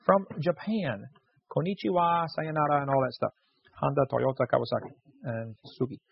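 A man's voice: a little high, a little fast, gravelly, a little hiss or hum. A man hosting a radio show, reading listener letters aloud and telling jokey stories with frequent laughs. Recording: dull lo-fi radio recording.

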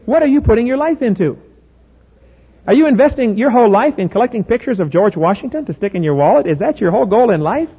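Middle-aged male preacher, high husky voice, folksy and emphatic, asks the crowd questions. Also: lively intonation, fast talker. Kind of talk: sermon. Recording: phone-like audio in a reverberant hall.

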